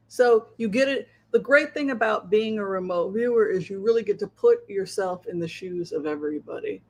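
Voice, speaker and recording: A man's voice: sits high, moderate pace, few pauses. A man hosting a livestream of political commentary, talking rhetorically and often tagging his points with a questioning "right?". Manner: rhetorical, keeps asking "right?". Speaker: psychic show host.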